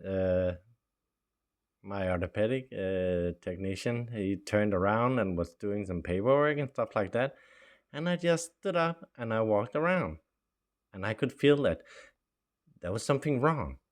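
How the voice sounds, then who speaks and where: In an animated but unhurried way, a middle-aged Norwegian-speaking man recounts his own life in casual storytelling. His pitch is fairly low, and he fills the talk with fillers and small laughs while performing quoted dialogue.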